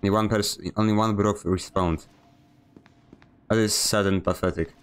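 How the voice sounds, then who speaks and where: A man's voice: fairly low pitch, steady tone, moderate pace, clear, resonant tone. A man streaming a video game, giving a sarcastic, grumbling running commentary. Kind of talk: live gameplay commentary.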